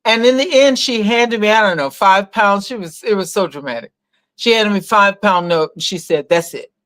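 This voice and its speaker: Older woman, animated storyteller, mid pitch, dry close sound. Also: normal speed, no room sound. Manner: animated storyteller, acts out quoted voices. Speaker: guest, mother of the host. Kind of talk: storytelling in casual conversation.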